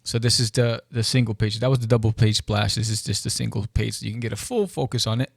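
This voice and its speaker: A man hosting a podcast, casually reviewing a comic book with excitable, exclamatory commentary and playful asides. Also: fairly low pitch, fast, gravelly, slightly rough, no room sound, studio quality.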